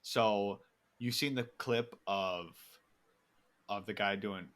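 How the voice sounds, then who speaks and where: A man's voice: fairly low pitch, takes it slowly, a bit bright. A young man co-hosting a podcast, telling rambling stories in casual chat, laughing often and swearing freely. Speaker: podcast co-host.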